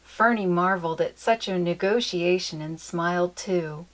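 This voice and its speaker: A woman reading a children's chapter book aloud in an expressive, lilting storytelling manner. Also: on the low side, normal speed.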